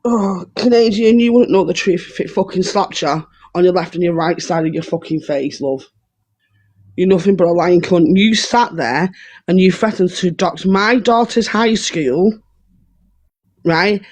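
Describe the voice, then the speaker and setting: High-voiced furious man. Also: a little slow. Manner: furious, sweary, accusing. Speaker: live-stream participant. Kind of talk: heated live-stream argument.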